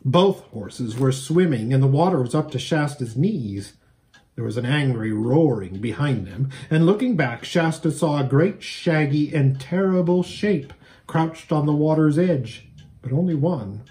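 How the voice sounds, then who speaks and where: A pastor reading a children's novel aloud as an expressive storyteller. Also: male voice, on the high side, unhurried.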